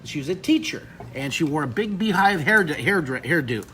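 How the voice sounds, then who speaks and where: A man's voice: on the high side, animated, moderate pace, pushed and bright, slight background noise. A man in his fifties teaching drawing on a live webcast, rambling into emotional stories between drawing steps. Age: 50s.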